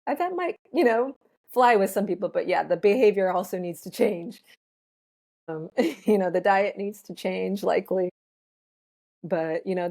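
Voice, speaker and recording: Low gravelly woman explaining. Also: mellow. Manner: thoughtful, explanatory, laughs often between points. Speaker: ethnobotanist guest. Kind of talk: casual conversational interview.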